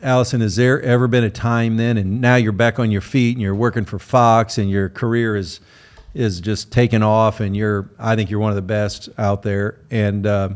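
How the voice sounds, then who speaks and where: A man's voice: fairly low pitch, little pitch movement. A middle-aged man, a coach hosting an interview, asking long, rambling questions with many restarts. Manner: halting, many fillers and restarts. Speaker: coach, podcast host.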